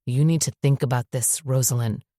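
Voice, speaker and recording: A woman narrator voicing a stubborn, protective father in an audiobook, with calm, matter-of-fact delivery. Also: very deep voice, fairly quick, no room sound, clean studio sound.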